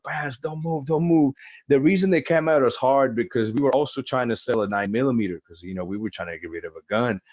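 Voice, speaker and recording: Male interview guest, animated swearing storyteller; dry, slightly muffled recording. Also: medium pitch, no room sound. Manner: profane, animated retelling with acted-out quotes. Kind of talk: casual storytelling.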